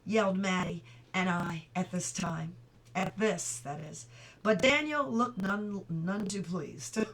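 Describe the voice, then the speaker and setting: A woman's voice: medium pitch, takes it slowly, a bit bright. Woman reading a novel aloud. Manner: reads steadily, breaks off for chatty asides and laughter. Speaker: audiobook reader. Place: at home.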